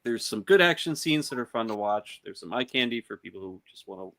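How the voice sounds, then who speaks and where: Joking podcast cohost guy, pitch bounces all over, dry close mic. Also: animated, bright, forceful tone, no echo. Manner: joking, laughs often, quick quips. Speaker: podcast co-host. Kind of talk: casual chat.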